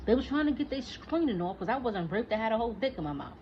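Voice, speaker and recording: A woman's voice: fairly high pitch, big pitch swings, quick pace. A woman in her forties ranting in a casual monologue, profane and heated, talking back at an imagined listener. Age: 40s. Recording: dull lo-fi recording with faint noise.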